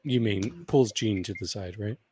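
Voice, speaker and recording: A man's voice: fairly low pitch, expressive, moderate pace, mellow, slight background noise. A man co-hosting a podcast, chatting casually about a reality show and chiming in with short agreements. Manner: laid-back, chimes in with short agreements. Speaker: podcast co-host. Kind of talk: casual reality-TV recap chat.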